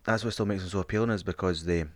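A man's voice: low-pitched, steady tone, very fast, no room sound. A man co-hosting a podcast in casual chat, swearing freely and laughing often. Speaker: podcast co-host.

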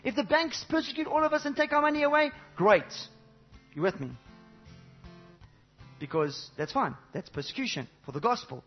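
A man preaching a sermon to a congregation, animated, swinging between loud exclamations and low intimate asides, with many rhetorical questions. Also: normal speed, highs cut off, faint music behind. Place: church service before a congregation.

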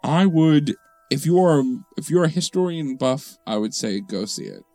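A man co-hosting a podcast, talking about a film in an animated, slangy way and laughing often. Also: fairly high pitch, normal speed, no echo, faint music behind. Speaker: podcast co-host. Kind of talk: casual movie discussion.

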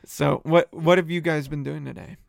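A man co-hosting a podcast, telling stories in an animated way, laughing often and acting out what people said. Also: a little high, moderate pace, vocal fry, no room sound, clean studio sound. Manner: animated storytelling, laughs often, acts out quotes. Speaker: podcast co-host. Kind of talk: casual chat.

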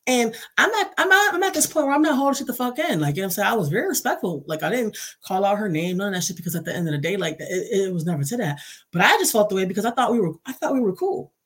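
Young woman ranting on her podcast, husky voice, cusses a lot, rambles on. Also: medium pitch, big pitch swings, racing. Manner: profane, venting, rambling. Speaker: podcast host. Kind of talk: casual podcast monologue.

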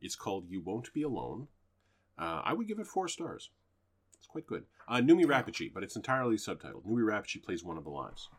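A man with a very low, deep voice talks in a loose, rambling way, reviewing movies with a co-host. He retells plots with plenty of fillers and the occasional swear. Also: very animated, brisk, slightly rough. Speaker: podcast co-host. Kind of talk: casual chat reviewing movies.

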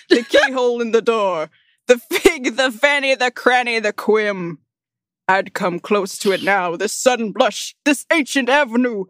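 A woman's voice: a little high, fairly bright tone, no echo. A woman putting on a grand gospel-preacher recital voice. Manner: theatrical, declaiming, breaks into giggles.

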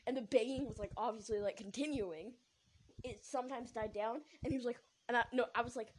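Young woman podcaster rambling thru a story, keeps giggling, kinda high voice, faint hiss behind. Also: brisk, a little mellow. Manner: giggly, rambling, many fillers. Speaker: podcast host. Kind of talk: casual storytelling.

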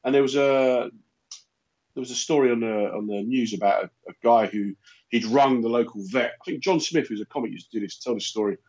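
A man chatting casually, riffing on absurd comic rants with a deadpan delivery. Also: mid-range voice, brisk. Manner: deadpan rambling jokes, repeats lines. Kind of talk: casual comedic chat. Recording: dull lo-fi sound.

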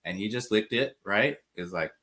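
Laid-back guy in his 40s on a call, real deep voice but bright, laughs a lot. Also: lively intonation, normal speed. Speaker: guest team manager. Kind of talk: casual chat. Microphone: remote call.

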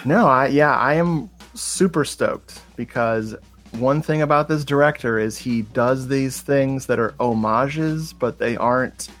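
A man's voice: medium pitch, a little slow, a bit bright, faint music behind. A man who is guest co-host on a film podcast, joking and enthusiastic in casual chat.

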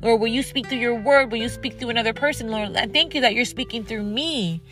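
Over soft background music, a podcast host with a slightly high, somewhat bright voice talks a little fast. Tired and dry-mouthed, she delivers an earnest devotional message, stressing points through repetition, and then leads a prayer aloud.

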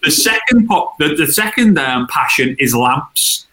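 Bright, echoey man telling stories. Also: a little high, unhurried. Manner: chatty, animated anecdotes with acted-out quotes. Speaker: guest. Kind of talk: casual interview storytelling. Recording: roomy echo.

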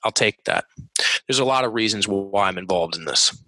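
A man's voice: on the low side, moderate pace, bright, forceful tone, no echo. A man as a podcast guest, talking enthusiastically and emphatically about his work. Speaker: podcast guest, course creator. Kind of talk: casual interview chat.

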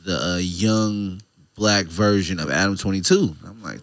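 A man co-hosts a casual podcast, loose and joking, laughing easily. His voice is bright and forward. The sound is dry and close. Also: low voice, measured pace, no echo. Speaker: podcast co-host. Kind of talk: casual chat.

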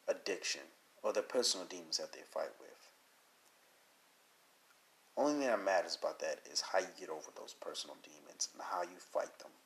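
A man's voice: lowish voice, fairly bright tone. A man hosting his own podcast while sick with a cold, talking casually in a rambling, earnest and encouraging way with many fillers. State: sick with a cold, needs to blow his nose. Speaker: podcast host. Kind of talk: casual solo podcast talk.

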